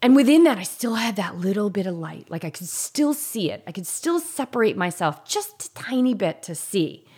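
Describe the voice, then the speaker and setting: A woman's voice: mid-range voice, big pitch swings, normal speed, hardly any pauses, darkish tone, slightly rough. A woman telling a personal story in a candid, conversational way. She is earnest and emotional, with frequent fillers and restarts.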